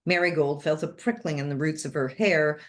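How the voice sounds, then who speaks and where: A woman reading a chapter of a novel aloud, with steady, expressive storytelling. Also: deep voice, brisk. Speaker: reader.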